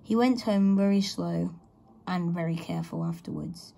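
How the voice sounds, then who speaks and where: A woman reading a children's story aloud in a slow, gentle storybook manner. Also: on the low side, huge pitch swings, vocal fry.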